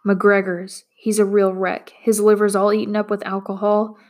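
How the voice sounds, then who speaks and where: A woman's voice: mid-range voice, monotone, moderate pace, darkish tone, natural voice. Storybook role: a smug mean boy, chatty and taunting, read by a woman. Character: cocky mean boy, smugly cruel.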